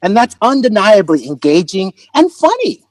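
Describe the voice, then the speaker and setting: A man, a comedian and motivational speaker, telling stories in an animated way during a conversation, laughing often and acting out the people in them. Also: high voice, normal speed, no room sound, poor audio. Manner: expressive, laughing often, acts out voices in his stories.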